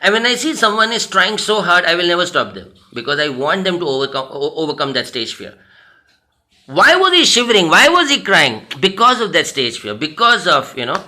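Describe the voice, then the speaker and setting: Indian English male motivational trainer, slightly high, very sharp bright tone, earnest and repetitive for emphasis. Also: sing-song, brisk. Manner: earnest, repeats phrases for emphasis. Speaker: personality development trainer. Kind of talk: motivational storytelling talk.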